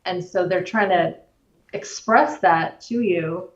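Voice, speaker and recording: A woman guest explaining the nervous system in a measured way, using everyday examples. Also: on the low side. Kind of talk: explanatory conversation. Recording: roomy, distant, dull-sounding recording.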